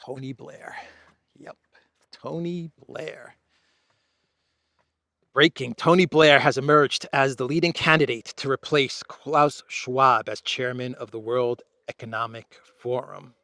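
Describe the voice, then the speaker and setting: Recorded outdoors among trees, a Greek-raised male show host offers casual solo commentary, sardonic and drawn-out, with laughing asides. His medium-pitched voice is steady and sharp, with no echo and studio-quality sound.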